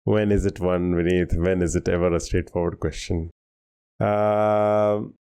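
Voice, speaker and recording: A man's voice: on the low side, mellow. A man from India on a quiz podcast, guessing answers aloud in a jokey, casual way. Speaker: quiz co-host.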